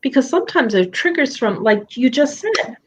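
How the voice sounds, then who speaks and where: This coach talks with a client in a candid live session from her home office, animating quoted thoughts through other voices. Her voice runs a little high and husky, very animated and fairly quick.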